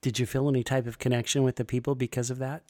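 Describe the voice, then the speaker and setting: A man interviewing a guest, asking a quick, curious question. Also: mid-range voice, level tone, a little mellow, no echo, studio quality.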